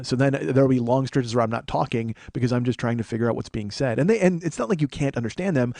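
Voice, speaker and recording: A man's voice: mid-range voice, darkish tone, dry recording, clean studio sound. Rambling American man hosting a comedy podcast. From United States. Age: 40s. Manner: rambling, profane and self-mocking. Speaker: podcast host.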